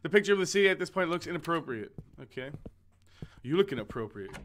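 Bright-voiced young man playing a game. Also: fairly high pitch, big pitch swings, quick pace, slight background noise. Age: young adult. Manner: joking, rambling, swearing, frequent laughs and stammered restarts. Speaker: gaming video host. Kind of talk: let's play commentary, reading game text aloud.

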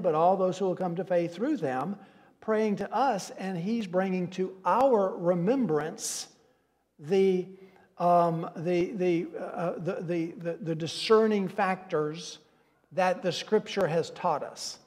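A man's voice: high voice, a little mellow, in a large hall. A man leading a church question-and-answer session as pastor, earnest, stumbling over repeated words as he explains. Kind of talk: church Q&A teaching.

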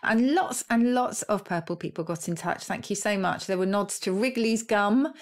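A woman with a mid-pitched voice who co-hosts a podcast about language. She explains the histories of words in a warm, chatty manner and laughs easily. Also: normal speed. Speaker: podcast co-host, word expert. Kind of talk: casual chat about words.

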